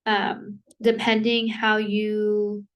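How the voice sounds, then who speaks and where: A woman's voice: mid-range voice, completely flat delivery. A woman vlogger rambles through a casual rant, breaking off mid-thought and apologizing as she goes. Her voice sits in an ordinary middle register and comes across slightly distant from the microphone. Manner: rambling, self-interrupting, full of "like" and quick apologies; laughs between thoughts. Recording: voice somewhat distant from the mic.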